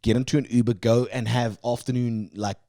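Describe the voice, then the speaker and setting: A man co-hosting a podcast, chatty and animated, restarting his sentences as he thinks aloud. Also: medium pitch, brisk, no echo, studio quality. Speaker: podcast co-host. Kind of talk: casual banter.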